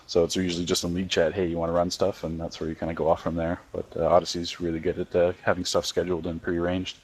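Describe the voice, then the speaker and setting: A man's voice: sits low, completely flat delivery, quick pace, slight background noise. A man chatting casually as a guest on a gaming podcast, rambling with lots of fillers and restarts.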